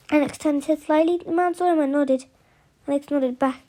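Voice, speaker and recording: Woman reading a novel aloud, high pitch, mellow tone, stumbling, restarts words. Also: steady tone, brisk. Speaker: reader of an audiobook.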